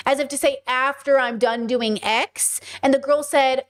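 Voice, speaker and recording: A woman in her thirties hosting a live stream, chatting with viewers in an animated way full of rhetorical questions. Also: high voice, moderate pace, few pauses. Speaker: streamer and podcast host. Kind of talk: casual live-stream commentary.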